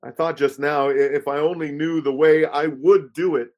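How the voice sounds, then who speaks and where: A man reading as a dying young woman, her words slow and halting, pitched a little above the reader's own voice and a touch louder. She sounds earnest and pleading in a sentimental storybook reading. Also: steady tone, natural voice. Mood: anguished. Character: dying young woman, penitent, then peaceful.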